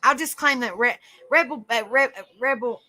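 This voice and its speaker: A woman hosting a livestream, chatting to viewers and telling a rambling, animated story. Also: fairly high pitch, normal speed, poor audio. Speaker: livestream host. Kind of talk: casual live-chat storytelling.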